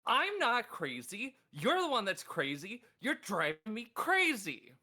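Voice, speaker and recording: A man's voice: sits high, huge pitch swings, unhurried, pushed and bright. A man giving a comedic recap as a rambling, frustrated, self-pitying monologue.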